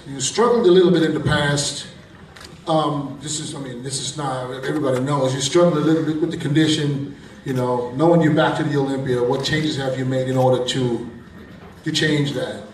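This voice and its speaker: A man's voice: a little high, a little mellow, slight background noise. A man asking direct, probing questions at a press conference. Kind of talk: interview questions. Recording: echoey hall from far off.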